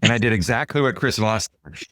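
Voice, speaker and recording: A man, a guest author and consultant, explaining ideas in an interview with lively stories. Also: lowish voice, quick pace, no echo, studio quality. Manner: animated, acts out dialogue in quoted voices. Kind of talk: storytelling interview answers.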